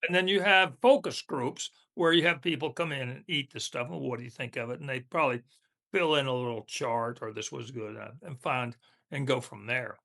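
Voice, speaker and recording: Bright-voiced chatty man. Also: medium pitch, a little fast, creaky. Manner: chatty, laughs often, eats while talking. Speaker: podcast co-host. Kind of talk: casual chat.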